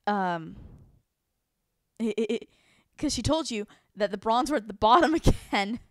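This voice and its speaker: Giggly young woman, lively voice. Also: a little high, a little slow, dry recording, studio quality. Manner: giggly, laughs often, jumps in to finish stories. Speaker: podcast co-host. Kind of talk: casual storytelling chat.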